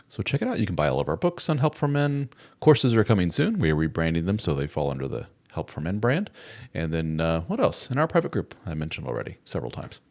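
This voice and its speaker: Deep-voiced chatty man hosting a live stream. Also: gravelly, darkish tone. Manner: chatty, jokey, reads viewer comments aloud. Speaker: host of a live chat show. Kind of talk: casual live-stream chat.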